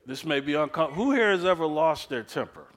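A man preaching a sermon, telling the story in a lively, conversational way and acting out the quoted speakers. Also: fairly high pitch, a little fast. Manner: animated storytelling preacher, acts out quoted voices; casual, chuckles often. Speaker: pastor.

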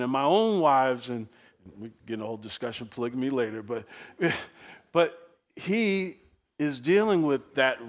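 A man preaching a sermon, telling the story in a lively, conversational way and acting out the quoted speakers. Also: fairly high pitch. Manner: animated storytelling preacher, acts out quoted voices; casual, chuckles often. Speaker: pastor.

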